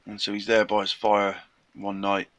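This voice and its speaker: A man's voice: on the low side, monotone, moderate pace, a bit bright. A young man casually retelling a folk tale in a chatty, slangy way, acting out the characters' lines. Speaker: storyteller.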